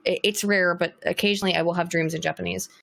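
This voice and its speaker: A woman's voice: on the low side, steady tone, fast talker, creaky, fairly bright tone. A woman chatting as a guest on a podcast, talking bluntly and swearing freely as she rambles on. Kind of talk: casual podcast chat.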